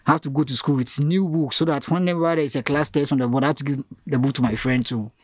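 A man's voice: medium pitch, fairly even intonation, fast. A man, a guest in an interview, explaining at length in an earnest manner. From Ghana. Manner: earnest, explanatory, repeats phrases. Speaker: advocacy guest. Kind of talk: interview conversation.

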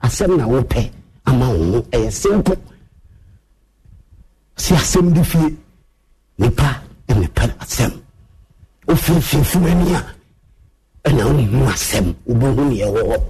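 A man's voice: mid-range voice, big pitch swings, unhurried, pauses often, a little mellow, breathy edge. A man with a Ghanaian accent, Twi his first language, giving a boastful, swaggering monologue as a show host.

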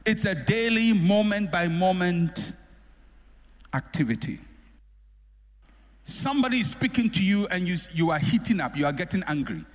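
A man preaching a sermon, repeating phrases for emphasis and swinging between loud and soft. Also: sits high, lively intonation, moderate pace, pauses often. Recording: echoey hall with long reverb.

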